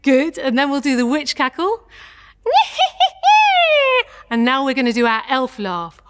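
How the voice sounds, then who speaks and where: A woman voice teacher leading a guided vocal warm-up, gentle and encouraging as she demonstrates each sound. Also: high voice, a little fast.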